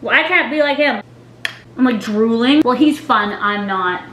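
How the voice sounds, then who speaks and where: A young woman chatting to camera in a casual vlog, giggly and dramatic with quick reactions, at home in her kitchen. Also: fairly high pitch, pushed and bright, slight background noise. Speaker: vlogger.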